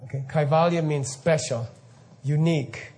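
A man giving an informal spiritual lecture to students, animated and often laughing, with mock-incredulous asides. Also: fairly high pitch, normal speed. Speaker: spiritual teacher.

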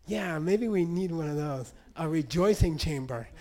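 A calm, reassuring priest, as a man puts him on, patiently explaining his customs. His voice is lifted a little and has a mellow tone. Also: fairly high pitch, moderate pace. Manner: soothing, explaining tone.

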